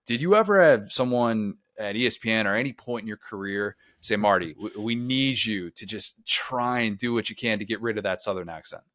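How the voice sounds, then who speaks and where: A man with a lowish voice hosts a sports podcast. He asks thoughtful, conversational questions. The recording is dry and close. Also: a little fast, few pauses, a bit bright, no room sound. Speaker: podcast host. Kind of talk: casual podcast interview.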